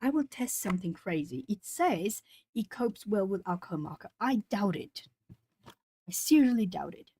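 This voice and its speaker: A woman's voice: medium pitch, animated, moderate pace, mellow, slight background noise. A Brazilian woman from the south of Brazil, chatting casually with viewers and thinking aloud while she colors on an art stream.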